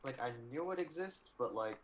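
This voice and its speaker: A man's voice: medium pitch, expressive, normal speed, slight background noise. A young man co-hosting a casual livestream, rambling in loose phrases and filling gaps with "like". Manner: rambling, heavy use of "like", trailing phrases. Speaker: co-host on a livestream.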